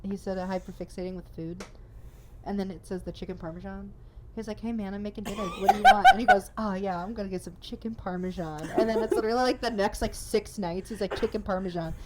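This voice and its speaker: A woman's voice: mid-range voice, very animated, fast, very noisy. A woman in her twenties co-hosting a podcast, chatty and acting out voices in the stories she retells. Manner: chatty, acts out quoted voices in retold stories. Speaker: podcast co-host. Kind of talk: casual chat.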